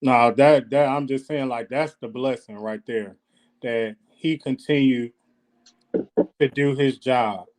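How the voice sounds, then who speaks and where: A man's voice: mid-range voice, slow pace, a little mellow. A man who is a guest on a casual live podcast, speaking in an earnest, encouraging way. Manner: earnest and encouraging, with churchy turns of phrase.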